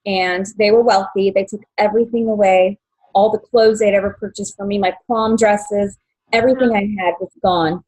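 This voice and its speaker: Husky woman sharing a hard story. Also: medium pitch, fairly even intonation, darkish tone, low-quality recording. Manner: halting, many fillers and restarts, emotional. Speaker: guest. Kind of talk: personal story in podcast interview.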